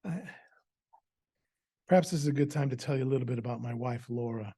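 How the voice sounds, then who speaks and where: A man's voice: mid-range voice, quick pace, warm tone, slightly rough. A middle-aged adoptive father telling a personal story at a family event in a conversational way, with frequent fillers and repeated words.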